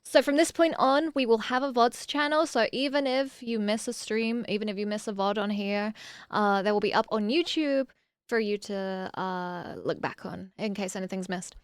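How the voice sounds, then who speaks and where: A woman streaming casually, reading viewer messages aloud and answering them with bursts of excitement. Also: mid-range voice, moderate pace, clean tone, no room sound, studio quality.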